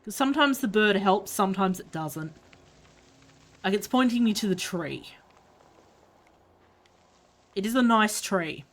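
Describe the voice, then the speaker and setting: A woman's voice: medium pitch, expressive, measured pace, pauses often. A woman from Australia with an Australian accent, chatting bluntly and swearing freely while she streams a game. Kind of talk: casual chat while gaming.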